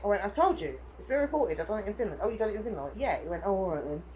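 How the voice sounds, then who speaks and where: A woman's voice: medium pitch, sing-song, racing, a little mellow, a little hiss or hum, rough recording. A woman chatting casually in a vlog, rambling through a story full of "I went, he went". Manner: rambling retelling with lots of "I went, he went". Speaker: vlogger.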